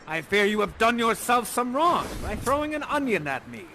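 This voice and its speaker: A man's voice: very high voice, big pitch swings, normal speed, bright, forceful tone, a little hiss or hum, full character voice. A man playing a pompous old sorcerer. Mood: mock indignant. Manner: mock-formal, theatrical. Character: stern old sorcerer father, accusing and pompous.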